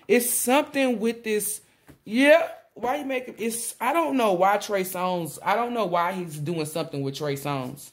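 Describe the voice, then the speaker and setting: A woman gives a casual tarot reading straight to her viewers, her voice sitting at an ordinary middle pitch. She rambles and exclaims often, relaying messages in blunt slang peppered with swearing. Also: expressive, normal speed. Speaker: tarot reader.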